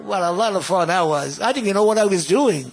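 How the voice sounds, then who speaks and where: Fast-talking and animated, this man in his nineties tells rambling stories as a guest musician, chuckling at his tales and repeating words often. His voice sits high, and a faint crowd can be heard.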